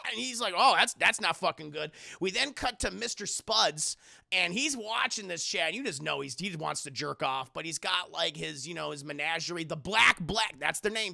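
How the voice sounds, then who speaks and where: A man's voice: sits high, vocal fry, sharp tone, no echo, studio quality. A young man reviewing an anime, rambling and profane, with lots of restarts as he talks to his chat. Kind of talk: casual recap addressing chat.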